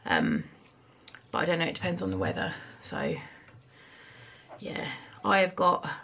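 A woman in a casual home vlog, talking frankly and easily, a little out of breath now and then. Her voice has a slightly gravelly, creaky texture at a middle pitch. There is a faint hiss behind her. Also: big pitch swings, unhurried, a bit bright, muffled recording. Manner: casual, chatty and frank, with some swearing. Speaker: vlogger and mum. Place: family house indoors.

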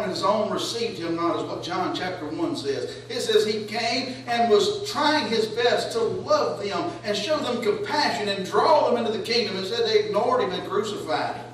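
High-voiced preacher in an echoey church. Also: male voice, a bit bright, a little hiss or hum. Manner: preaching with rising, questioning cadence. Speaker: pastor. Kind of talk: sermon. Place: church sanctuary. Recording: echoey church hall, voice from far off.

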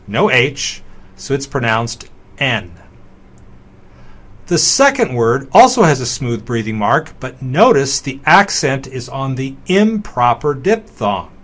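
Slow, deliberate male language teacher. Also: medium pitch, a bit bright. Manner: slow, deliberate, sounding out words. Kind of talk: recorded slideshow lecture.

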